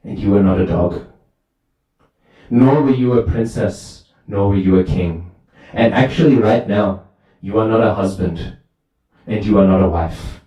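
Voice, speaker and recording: Man voicing a calm, wise old sage. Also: lowish voice, measured pace, lightly acted. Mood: patient. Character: calm, wise male sage explaining patiently. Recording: very echoey hall, far from mic.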